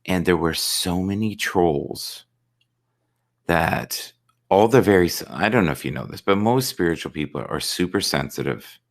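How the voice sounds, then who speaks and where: Deep-voiced man hosting a joking live chat. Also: moderate pace. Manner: joking, tells offbeat absurd stories; lively, rambling, repeats words as he starts. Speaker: live stream host.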